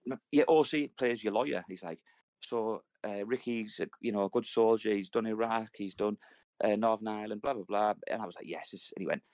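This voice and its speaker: A man's voice: on the low side, a little fast, a little mellow, no echo. A middle-aged man recalling army days in casual chat, rambling with many restarts. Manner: rambling, repeats and restarts, sweary. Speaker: podcast co-host, ex-soldier. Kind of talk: casual banter.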